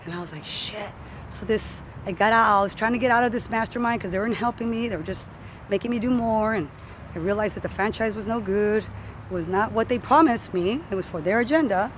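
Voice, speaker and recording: A woman's voice: medium pitch, brisk, slight background noise, rough recording. A woman fitness coach telling a personal story in casual talk, acting out what others said. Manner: animated, acts out quoted voices.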